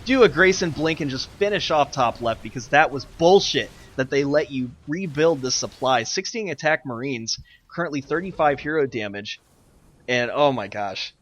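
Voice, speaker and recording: A young man casting a live online strategy game, ranting and exasperated, swinging between loud outbursts and muttered asides. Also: mid-range voice, expressive, normal speed. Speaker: game caster and streamer.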